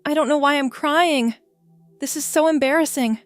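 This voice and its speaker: A tearful, emotional young woman from a read-aloud story, spoken a touch higher than the narration, as a woman reader puts her on. The voice is dry and close, with faint music underneath. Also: normal speed, dry recording, lightly acted. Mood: teary.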